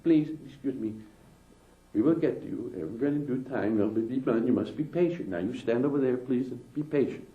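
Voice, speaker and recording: A man voicing a small, stern male alien leader who talks slowly and deliberately. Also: mid-range voice, echoey room, dull audio, close to an everyday voice. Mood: patient. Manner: slow, drawling, deliberate.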